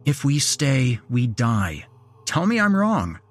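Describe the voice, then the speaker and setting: A man's voice: medium pitch, wildly swooping pitch, slow, faint music behind, voice pushed up. A man voicing a shaken young man who stammers and forces his words out, in a horror audio story. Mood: urgent. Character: shaken young man, first-person narrator hero.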